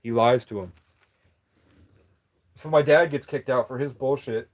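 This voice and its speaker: A man's voice: medium pitch, a little slow. A young man telling a story casually, rambling, swearing freely and backtracking to correct himself. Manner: rambling, profane, jumps back to correct himself. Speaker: vlogger. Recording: dull lo-fi recording.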